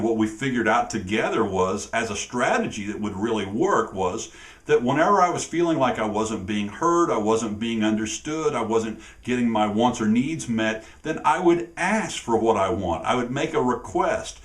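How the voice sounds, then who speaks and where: A man, a relationship coach co-hosting with his wife, talking earnestly to camera in a casual, conversational way. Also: mid-range voice.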